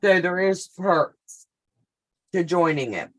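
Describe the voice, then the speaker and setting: A woman's voice: lowish voice, expressive, takes it slowly, fairly bright tone. A middle-aged woman hosting a live sewing show, chatting casually and telling stories while greeting viewers by name.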